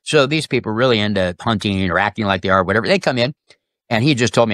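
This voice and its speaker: A man as an interview guest, telling sales stories in a lively way and acting out the people in them. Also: fairly low pitch, fast, no room sound. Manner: animated, acts out quoted customers and bosses. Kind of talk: casual storytelling interview.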